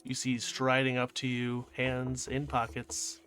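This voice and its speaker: A man narrating a tabletop game as game master, calm and unhurried with frequent fillers. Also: mid-range voice, faint music behind.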